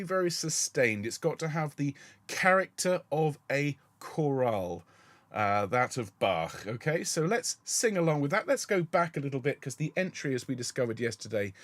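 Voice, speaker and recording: A man leading a choir rehearsal, explaining the music in a gentle, encouraging way. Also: mid-range voice, no echo. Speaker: choir director.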